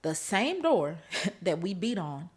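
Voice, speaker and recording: A woman's voice: fairly low pitch, sing-song, slow, husky. Woman host giving an emotional testimony. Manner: emotional, speaks straight to listeners; laughs through tense parts of the story. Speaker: podcast host. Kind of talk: personal testimony storytelling.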